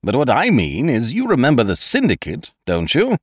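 A man's voice: medium pitch, huge pitch swings, normal speed, breathy edge, no echo, clean studio sound, pitched above the performer's own voice. A man voicing a buoyant, chummy young male schemer in a story reading. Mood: hearty. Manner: hearty and chummy.

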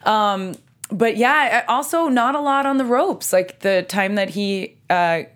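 A woman's voice: mid-range voice, lively intonation, unhurried, a bit bright. A woman co-hosting a casual sports talk show, giving her views on a boxing match with lots of "like" and "you know.". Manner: chatty, uses many fillers like "you know" and "like". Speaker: co-host. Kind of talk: casual fight chat.

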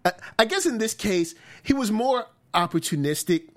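Animated recap co-host, halting delivery with lots of repeated words. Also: mid-range voice. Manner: halting, repeats words, frequent laughs and acted-out quotes. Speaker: podcast co-host. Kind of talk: casual TV recap chat.

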